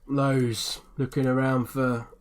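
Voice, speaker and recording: A man's voice: medium pitch, little pitch movement, takes it slowly. A man narrating as game master in a rambling way, with many fillers.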